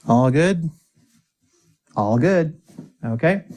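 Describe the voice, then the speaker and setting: A man teaching an English lesson, upbeat and encouraging, saying example phrases slowly and clearly for learners to repeat. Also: on the high side, animated, a little mellow.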